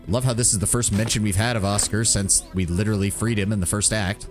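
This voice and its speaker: A man's voice: on the low side, steady tone, fast talker, hardly any pauses. A man giving casual, rambling commentary while playing a game and thinking aloud. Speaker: streamer. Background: game music.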